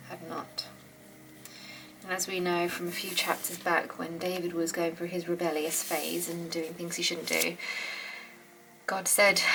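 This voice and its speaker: This woman leads a Bible study, reading old scripture and then thinking aloud in earnest, heartfelt commentary. Her voice is on the low side, with background noise and clear music under her voice.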